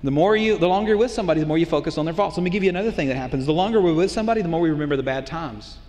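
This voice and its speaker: Middle-aged male pastor, high-pitched, talks with the congregation like a friend; sanctuary echo. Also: rapid-fire, a little mellow. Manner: conversational preacher, asks the crowd rhetorical questions. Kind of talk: sermon. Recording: long hall reverb.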